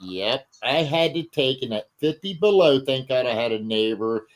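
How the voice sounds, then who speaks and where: Male guest, Cincinnati accent, earnest and reminiscing; mid-pitched voice. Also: expressive, normal speed, rough recording. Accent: Cincinnati, Ohio. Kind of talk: casual storytelling chat.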